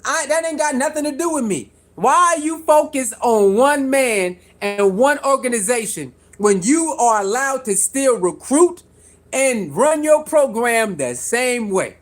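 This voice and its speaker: In a medium-pitched voice and at a measured pace, a vlogger talks casual sports to the camera. He stays animated and repetitive, peppering viewers with rhetorical questions and laughing between points.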